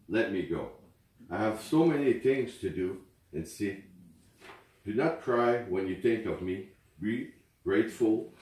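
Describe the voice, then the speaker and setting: French-speaking guy reading a memorial poem, slow and earnest, deep low voice, far off in a big echoey room. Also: a little mellow. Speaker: speaker at a wake. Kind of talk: reading memorial poems aloud. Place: memorial gathering indoors.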